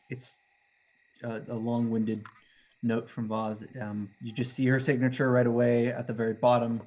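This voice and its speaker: A man narrating a tabletop game as its game master. He talks in a relaxed, rambling way with asides, at a middle pitch. The sound is dull and lo-fi.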